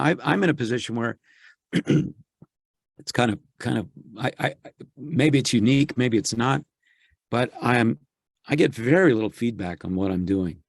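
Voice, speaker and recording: A man guesting on an interview as a voice actor chats casually in a medium-pitched voice with vocal fry, captured in studio quality with no echo. He's reflective, thinking aloud and often restarting his sentences.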